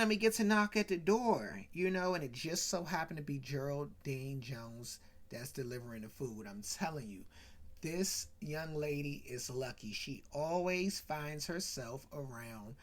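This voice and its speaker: A man hosting a casual talk show, retelling a comedy sketch with asides to viewers and jumpy voices for quotes. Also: a bit bright. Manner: chatty, asides to viewers, mimics quotes with pitch jumps. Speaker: podcast host.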